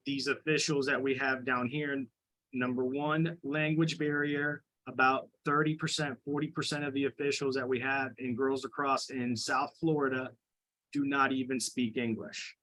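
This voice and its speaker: Male coach, mid-pitch, indignant public commenter who rambles with restarts. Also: pushed and bright, low-quality recording. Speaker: high school girls lacrosse coach. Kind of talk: public comment at a committee meeting.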